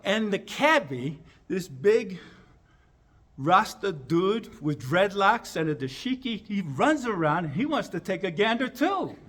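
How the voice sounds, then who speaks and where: Husky guy telling a funny story, voice leaping all over the place. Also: measured pace. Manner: animated, acting out lines with big jumps in pitch and volume. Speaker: chiropractor. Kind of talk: humorous storytelling speech.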